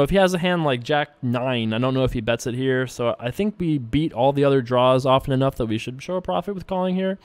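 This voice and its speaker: A man casually commenting on his own online poker play as host, rambling and relaxed with frequent filler words. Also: mid-range voice, clear, resonant tone, no room sound. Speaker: poker player and show host.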